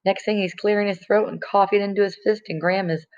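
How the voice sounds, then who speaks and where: A woman's voice: mid-range voice, steady tone, fast, darkish tone. A woman reading a novel chapter aloud in a casual, conversational way, in a dull lo-fi recording. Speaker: audiobook reader.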